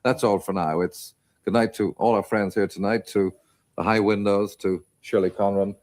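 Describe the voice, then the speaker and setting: A man's voice: fairly low pitch, fairly even intonation, moderate pace, a little mellow. A man hosting a television talk show who speaks politely, hesitantly and apologetically. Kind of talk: archival TV talk show sign-off.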